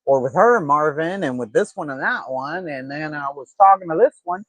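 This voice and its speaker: A man putting on the voice of a flustered man who backpedals and lists people, raising his pitch and rushing. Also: animated, fairly bright tone, dry recording. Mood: defensive.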